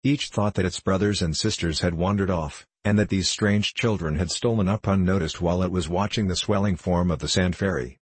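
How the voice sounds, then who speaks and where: A man narrates a children's storybook in a steady audiobook reading. His voice is very low and husky. The recording is dry and close, with no room sound. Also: fairly quick, few pauses, no echo.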